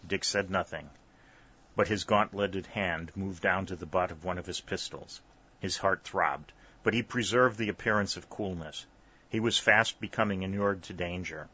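A man narrating a story, with steady, even storytelling. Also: low voice, moderate pace, husky. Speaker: audiobook narrator. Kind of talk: scripted narration. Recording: slightly dull, dry recording.

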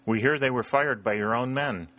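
A man's voice: medium pitch, normal speed, fairly bright tone, pitched above the performer's own voice, natural voice. A man voicing an eager young male Southern staff officer in a storybook reading, earnest and friendly. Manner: earnest, calling out across water.

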